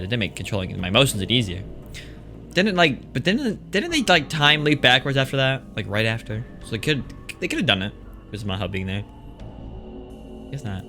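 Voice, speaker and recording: A man's voice: mid-range voice, bright, forceful tone. A man streaming a visual novel, reading its text aloud and breaking off into rambling, joking commentary. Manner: rambling, joking, with many restarts. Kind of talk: casual let's-play commentary and reading aloud.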